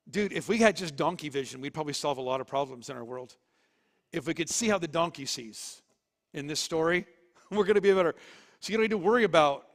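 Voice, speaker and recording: Lively preaching man in a reverberant church. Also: on the high side, fairly quick. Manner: lively conversational preaching with sudden loud bursts. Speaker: pastor. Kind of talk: sermon. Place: church sanctuary.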